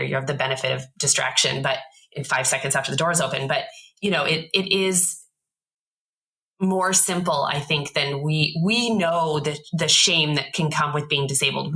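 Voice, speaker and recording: Low-voiced, bright woman telling a story. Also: creaky, low-quality recording. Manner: animated storyteller, acts out quoted voices. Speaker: podcast guest. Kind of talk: casual storytelling interview.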